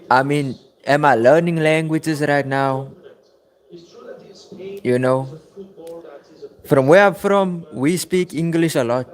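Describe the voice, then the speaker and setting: A man's voice: on the high side, takes it slowly, pauses often. A young South African man hosting a football watchalong livestream, chatting casually and calling out viewers by name. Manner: chatty, addresses viewers by name, repeats phrases. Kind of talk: casual livestream chat reading chat messages.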